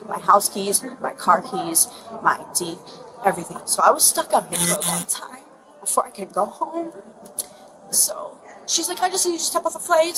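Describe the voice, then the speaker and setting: A young woman agitatedly retelling events to police at an airport gate, rambling and repeating herself, filling her talk with "like", captured on a police bodycam. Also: medium pitch. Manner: rambling, repetitive, heated, says "like" a lot. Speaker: passenger giving her account to police. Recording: bodycam audio with loud airport noise.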